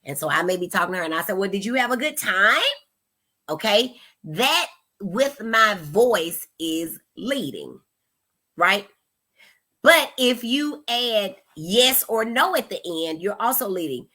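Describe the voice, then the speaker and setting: Bright, animated woman giving parenting advice. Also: medium pitch, a little slow, husky. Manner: animated, expressive, acts out quotes. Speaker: parenting talk host, mother. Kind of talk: casual advice talk to camera.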